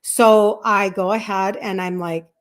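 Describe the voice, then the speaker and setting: A woman in her fifties talks casually to a live-stream audience as a health coach. She tells a personal story in a chatty, animated way and often acts out lines of dialogue. Her voice sits at an ordinary middle pitch. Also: measured pace, smooth. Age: 50s.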